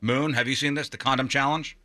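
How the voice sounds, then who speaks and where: Male radio host, mid pitch, bright and dry, casual joking delivery of odd news. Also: fairly even intonation, fairly quick, no room sound. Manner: jokey, laughs while telling stories.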